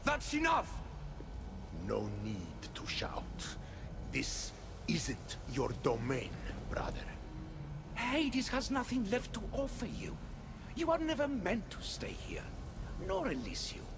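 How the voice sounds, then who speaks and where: An actor playing a commanding male sea god in a video game cutscene, with a grand, theatrical delivery that breaks into shouts. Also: very high voice, wildly swooping pitch, takes it slowly, background noise, heavily acted. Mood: imperious.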